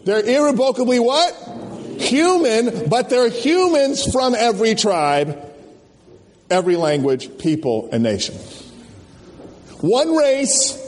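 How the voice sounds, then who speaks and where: High-voiced animated preacher in a hall. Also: male voice, takes it slowly, pauses often. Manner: animated, call-and-response questions, folksy slang. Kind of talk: sermon at a conference. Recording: long hall reverb.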